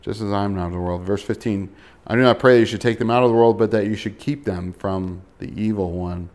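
A man's voice: on the low side, fairly even intonation, fast talker, darkish tone. A male pastor preaching a sermon in a conversational way, reading scripture and asking rhetorical questions with shifting emphasis.

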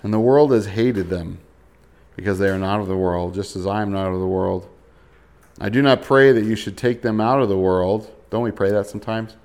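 A man's voice: fairly low pitch, normal speed, darkish tone, smooth. A male pastor preaching a sermon in a conversational way, reading scripture and asking rhetorical questions with shifting emphasis.

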